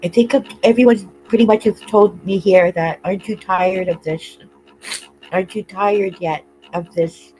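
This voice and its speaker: A woman speaks on a video call, tearful and halting, often stopping to search for words and laughing through her tears. Her voice sits at a middle pitch, with faint music behind her. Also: fairly even intonation, warm tone, rough recording. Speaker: participant in an online group call. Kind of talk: emotional open sharing.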